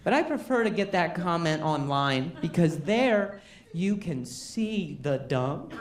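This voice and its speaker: A man's voice: on the high side, animated, takes it slowly. A man who stutters performing a self-deprecating stand-up comedy set on stage. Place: comedy stage before a live audience. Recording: roomy live venue with background noise.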